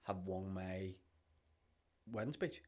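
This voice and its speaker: Man, comedian guest, casual chat, lowish voice. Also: slow, darkish tone. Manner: chatty, repeats words as he starts a thought.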